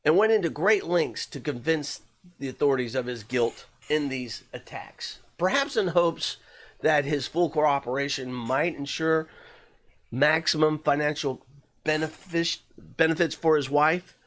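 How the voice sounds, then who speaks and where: A man's voice: fairly high pitch, unhurried, fairly bright tone. Casual, swearing true-crime storyteller man. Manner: conversational, loose, with frequent fillers and swearing.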